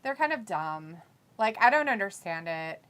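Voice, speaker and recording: A woman's voice: mid-range voice, very animated, normal speed, fairly bright tone. A woman hosting a live watch-along stream, reading chat messages aloud with frequent giggles and teasing replies.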